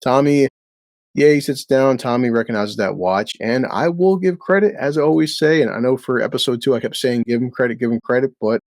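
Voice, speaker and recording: A man's voice: medium pitch, a little fast, darkish tone, no echo. A man giving a casual recap of a TV episode, blunt and sarcastic, swearing freely. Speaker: show recap host.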